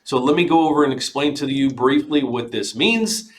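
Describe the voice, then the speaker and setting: A man's voice: lively intonation, moderate pace. An older man, a mortgage broker, hosts a casual market update, talking earnestly and repeating himself as he pleads with viewers to call. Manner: earnest, repetitive, pitches services and pleads with viewers.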